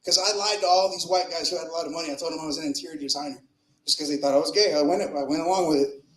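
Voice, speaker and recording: Male stand-up, high voice, crude rambling open mic delivery, roomy club sound. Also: steady tone, rapid-fire, a bit bright. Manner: crude, rambling delivery with fillers and shifting volume. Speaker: stand-up comedian. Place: comedy club with live audience.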